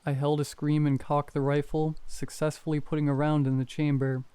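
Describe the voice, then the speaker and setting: A man calmly reading horror stories aloud as a scripted narration. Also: fairly high pitch, normal speed, smooth, no echo. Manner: calm, even reading.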